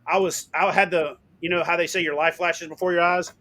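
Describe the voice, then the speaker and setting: A middle-aged man tells stories as an interview guest in a fairly high voice. He talks in an animated way, swears casually and loudly acts out what people said. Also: fairly quick.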